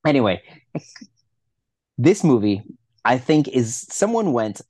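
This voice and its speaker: A man's voice: mid-range voice, big pitch swings, takes it slowly, pauses often, darkish tone, dry recording. A man co-hosting a casual movie review podcast, ranting and swearing in a rambling way. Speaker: podcast co-host.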